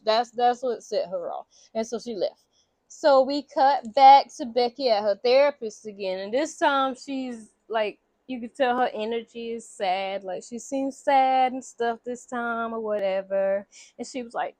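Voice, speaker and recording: Chatty woman vlogger, profane and lively, bright-pitched, dry mic. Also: a little slow, dry recording. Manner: animated, chatty, profane, laughing. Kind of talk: casual movie recap.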